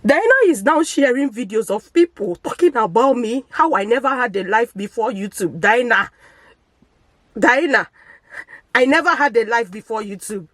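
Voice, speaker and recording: A woman's voice: on the high side, lively intonation, moderate pace, fairly bright tone, dry recording, poor audio. A Nigerian woman vlogger, crying as she makes a pleading, wounded confession to camera in a village church compound. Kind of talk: emotional personal confession to camera.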